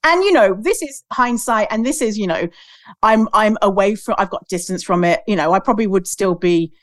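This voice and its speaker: A woman speaks as a podcast guest in a candid, impassioned way. She leans hard on her points and swears without hesitation. Her voice sits at a plain middle pitch. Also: expressive, fairly quick, dry recording, clean studio sound. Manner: emphatic, impassioned, swears freely. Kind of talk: candid conversational podcast talk.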